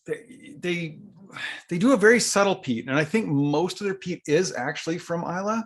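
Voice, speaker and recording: A male co-host gushes over a whisky in a casual chat. His slightly high voice carries a lot of gravelly fry. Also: moderate pace. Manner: gushing, nostalgic.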